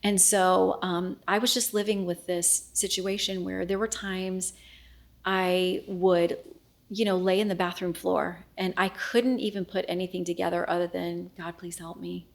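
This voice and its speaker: A middle-aged woman with a low-set voice and a gravelly edge, speaking as a guest in an interview. She tells a personal story candidly and earnestly. She slips into quoted dialogue as she goes. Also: little pitch movement, measured pace. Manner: earnest, frank, quoting herself and others in dialogue.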